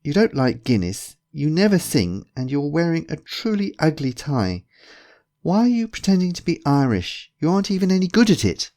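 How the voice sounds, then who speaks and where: A man voicing a plain-spoken male librarian who talks bluntly and with lively exasperation. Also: on the high side, moderate pace, dry recording, studio quality, pitched above the performer's own voice, close to an everyday voice. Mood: exasperated.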